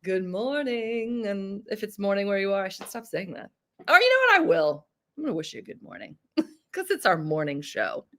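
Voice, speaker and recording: A woman's voice: medium pitch, very animated, normal speed. A woman in her thirties hosting a casual livestream, chatting bubbly with viewers and laughing often. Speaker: livestream host. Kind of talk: casual live chat reading comments.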